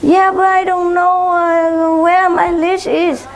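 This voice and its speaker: A woman voicing a fussy neighbor lady who coaxes her small dogs in a high, sing-song way. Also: level tone, slow, heavily acted. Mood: coaxing.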